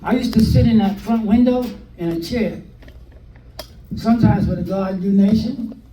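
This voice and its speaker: An older man telling stories from his past in a documentary interview, animated, acting out what people said, with hesitant fillers. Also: high-pitched, moderate pace. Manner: animated, acts out quoted dialogue with hesitant fillers. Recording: roomy sound from a distant mic, faint noise.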